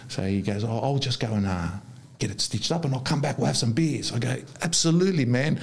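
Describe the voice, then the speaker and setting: A man's voice: mid-range voice, fast talker, gravelly. A man in his fifties telling rambling football anecdotes in casual chat, often restarting his sentences. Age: 50s.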